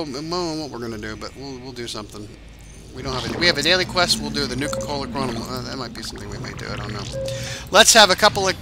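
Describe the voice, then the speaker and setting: A man's voice: medium pitch, sharp tone. A man hosting a let's-play, chatting casually as he plays, rambling and swearing now and then, a little tired. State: tired, yawning. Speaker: game channel host.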